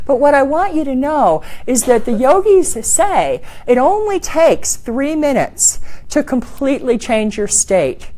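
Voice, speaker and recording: A middle-aged woman leading a workshop in a classroom, animated and acting out voices in her examples. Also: sits high, measured pace. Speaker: speaking coach. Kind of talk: workshop talk.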